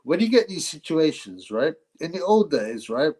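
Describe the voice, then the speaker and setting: A man's voice: on the high side, big pitch swings, moderate pace, noisy background. A man hosting a live boxing stream, chatting casually, rambling, laughing often and thanking his viewers.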